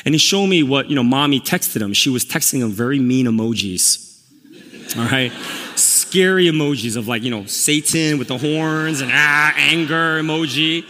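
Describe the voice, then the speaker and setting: A middle-aged pastor telling a personal story in a sermon, candid and self-deprecating, growing animated. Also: male voice, medium pitch, normal speed. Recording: long reverb of a large hall.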